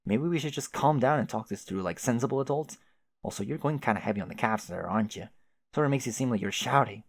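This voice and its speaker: A man's voice: medium pitch, animated, quick pace, gravelly. A man voicing a chatty, oblivious young male adventurer who rambles with old-fashioned folksy exclamations. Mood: confused.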